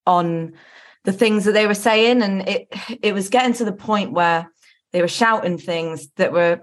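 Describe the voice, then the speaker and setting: Candid woman on a football podcast. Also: on the low side. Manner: candid, earnest, with frequent ums and restarts. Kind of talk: casual podcast chat.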